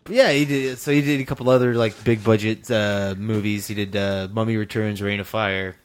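A man hosting a film podcast in casual chat. He is animated and opinionated, and he swears freely. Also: lowish voice, moderate pace, clean tone. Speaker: podcast host and film editor.

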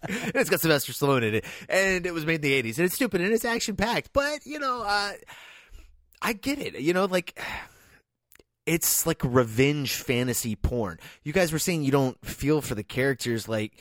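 A man's voice: a little high, sing-song, moderate pace, fairly bright tone, dry recording, clean studio sound. A man co-hosting a podcast who talks through a film in a casual, rambling way, swearing heavily and getting emphatic. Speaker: podcast co-host.

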